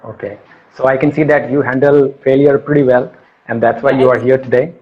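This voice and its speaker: A man hosting a live video call interview, courteous and formal, often pausing with fillers. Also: medium pitch, steady tone, lo-fi sound, slight background noise. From India. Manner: courteous, polite formal phrasing, hesitant with fillers. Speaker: interview host.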